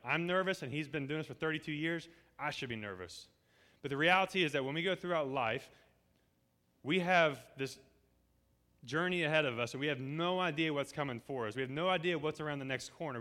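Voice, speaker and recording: A man preaching to a church congregation, telling a story in a casual way and acting out the dialogue he quotes. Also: a little high. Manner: lively, acts out quoted dialogue. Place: church service before a congregation.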